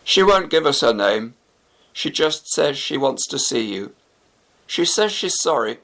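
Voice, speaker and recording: A man plays a polite, formal police officer, speaking slowly and evenly. His voice has a gravelly edge. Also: mid-range voice, sing-song, fairly bright tone, full character voice. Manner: formal and measured.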